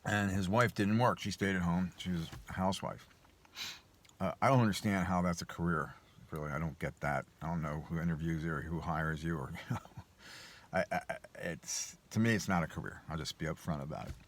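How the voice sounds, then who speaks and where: Deep voiced guy telling a story, rambly, lots of uh and restarts. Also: a little fast. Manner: rambling, hesitant with many restarts and self-deprecating laughs. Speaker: vlogger. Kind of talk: casual personal storytelling monologue.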